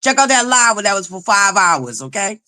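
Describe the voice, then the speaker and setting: A loud, belligerent woman hosting a live chat stream. Her voice is bright and forceful. She curses constantly, greets viewers by name and keeps demanding likes. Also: medium pitch, big pitch swings, normal speed. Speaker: livestream host. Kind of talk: profane live-chat commentary.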